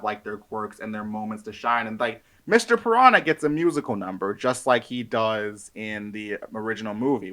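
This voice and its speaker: Male podcast guest, rambling, loose delivery full of filler words, bright edge to the voice. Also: on the low side, poor audio. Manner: rambling, heavy on filler "like", laughs often. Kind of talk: casual chat.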